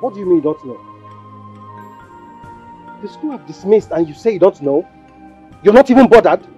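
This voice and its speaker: A man's voice: sits high, very animated, quick pace, mellow, lo-fi sound, faint music behind. An actor playing a stern husband with a Nigerian accent, warning his wife. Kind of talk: Nollywood film acting.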